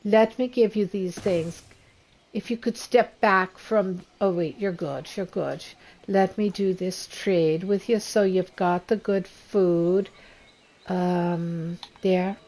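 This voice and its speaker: A woman's voice: fairly low pitch, steady tone, takes it slowly, darkish tone, low-quality recording. A woman doing a homey, talkative elf cook. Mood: cozy. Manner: chatty, listing food offhandedly. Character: female wood elf, homey and hospitable cook. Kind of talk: tabletop-style online game role-play.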